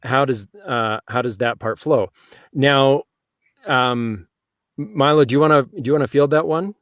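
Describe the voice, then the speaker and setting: A man's voice: medium pitch, measured pace, a bit bright, no room sound. Man hosting in a dry, close sound. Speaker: host and audiobook narrator. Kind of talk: casual panel chat.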